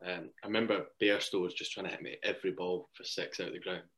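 A man's voice: deep voice, fairly even intonation, fast talker, a bit bright. A young man, a cricket player as guest, telling casual stories and laughing along. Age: young adult. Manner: chatty, laughs while telling anecdotes. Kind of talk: casual interview storytelling.

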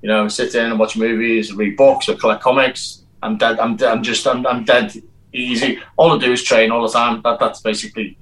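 A man's voice: medium pitch, level tone, fairly quick, a bit bright, low-quality recording. A man tells behind-the-scenes stories in a casual interview. He talks animatedly and keeps restarting and stammering over his words. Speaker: stunt performer and actor.

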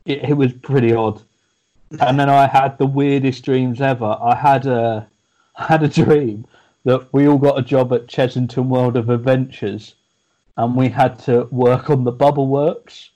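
Bloke, podcast co-host, rambling storyteller, loose casual chat. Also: male voice, medium pitch, steady tone, measured pace, warm tone, dull audio.

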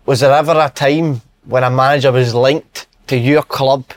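A man's voice: medium pitch, fairly even intonation, normal speed. A Scottish man hosting a football podcast, telling a long rambling story with plenty of swearing and laughter at himself. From Scotland. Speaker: podcast host. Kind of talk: casual football chat.

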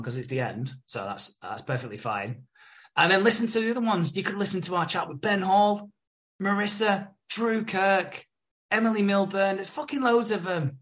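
A man's voice: high voice, fairly bright tone. A man co-hosting a podcast in casual chat, joking, swearing freely and laughing often. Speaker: podcast co-host.

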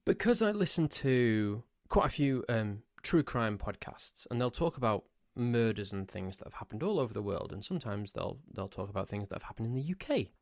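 A man's voice: medium pitch, very animated, brisk, few pauses, darkish tone, no echo, studio quality. A man from Cheshire with an English accent, hosting a solo podcast in a rambling, pedantic chatty way. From Cheshire, England. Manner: rambling, pedantic, ranting asides. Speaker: podcast host. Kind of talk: casual solo podcast monologue.

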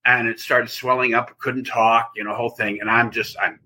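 A man, an actor guest on an interview show, telling a rambling, animated anecdote in casual chat. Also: mid-range voice, a little fast.

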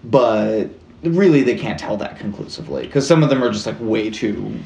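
A man's voice: mid-range voice, animated, moderate pace, gravelly, mellow. Rambling man in an echoey room. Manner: rambling, self-interrupting, joking. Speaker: podcast host. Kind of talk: casual true-crime podcast chat.

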